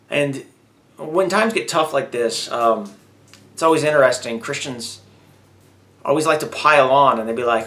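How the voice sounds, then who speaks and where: A man's voice: mid-range voice, moderate pace, a bit bright. A man talking candidly in a personal vlog, venting and growing heated and emphatic as he goes. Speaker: vlogger.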